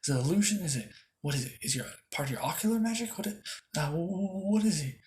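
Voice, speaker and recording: A man voicing an excited male wizard king who fires off stammering, astonished questions. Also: sits high, a little fast, a little hiss or hum, voice pushed up.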